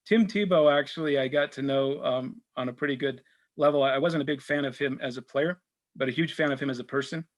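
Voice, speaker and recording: A middle-aged sportswriter talking casually to a church supper group, telling anecdotes with many fillers and restarts. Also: male voice, medium pitch, brisk. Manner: rambling, full of fillers and restarts; tells anecdotes, acts out quoted exchanges. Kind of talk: casual talk and Q&A.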